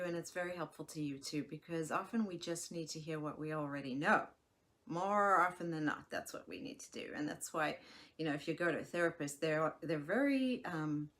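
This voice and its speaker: With a low voice, this expressive life coach in her forties carries a casual solo podcast episode, sounding frank and reassuring. Occasionally she performs small impressions of herself and others or lowers her voice nearly to a whisper.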